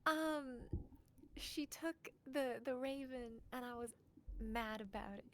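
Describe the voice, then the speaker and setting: A woman's voice: high voice, slow, a bit bright, slight background noise. A woman co-hosting a podcast in casual chat, playful and giggly. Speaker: podcast co-host.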